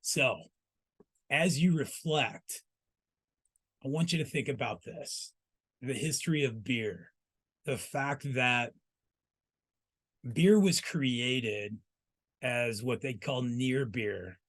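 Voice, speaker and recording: Man, news host, storytelling delivery, addresses listener directly, medium pitch. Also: slow pace, long pauses, a bit bright. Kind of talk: trade news feature segment.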